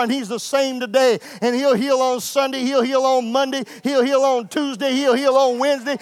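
High-voiced preacher shouting praise. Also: male voice. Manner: lively preaching, rising to shouts, playful asides to the congregation. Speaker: pastor. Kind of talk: sermon.

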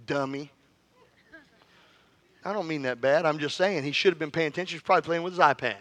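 A man's voice: on the high side, fairly quick, a bit bright. A middle-aged male pastor preaching a fervent sermon with call-and-response, telling stories and joking with the congregation.

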